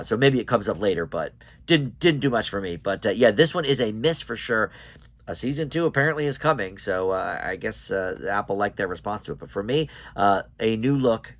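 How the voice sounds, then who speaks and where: A man with a fairly low voice talks through a TV series review as host of his own show. He speaks casually and hesitantly, with lots of ums, you-knows and restarts as he gathers his thoughts. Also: fairly bright tone.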